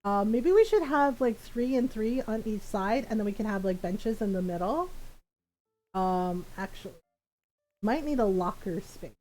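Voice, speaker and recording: A woman's voice: mid-range voice, moderate pace, a little hiss or hum, poor audio. A woman live-streaming, chatting casually while she games, laughing often and acting out the voices of the people in her stories. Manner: animated, acts out family members' voices. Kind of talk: casual chat while gaming.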